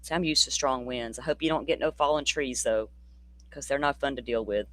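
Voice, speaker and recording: A true crime host from the Deep South, talking in a loose, rambling livestream chat that is blunt, profane and sardonic. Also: a little fast, fairly bright tone. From Florida, near the Alabama state line. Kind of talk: casual livestream commentary.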